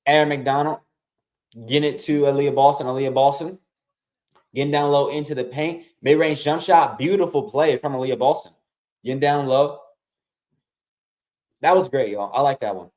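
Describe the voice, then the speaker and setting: A man's voice: medium pitch, moderate pace, pauses often. A man hosting a casual watch-along, calling basketball play-by-play and talking straight to his viewers. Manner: excitable, keeps addressing viewers as y'all.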